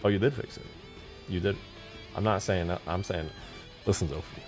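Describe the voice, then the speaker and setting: A young man hosting a casual livestream, hyper and jokey, often bursting into loud shouts. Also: low-pitched, moderate pace, long pauses, soft background music. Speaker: livestream host and game modder.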